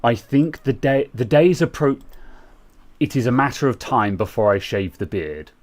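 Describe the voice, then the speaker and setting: A man's voice: mid-range voice, lively intonation, moderate pace, darkish tone. A young British man co-hosting a casual tech chat, rambling with lots of fillers and restarts. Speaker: co-host.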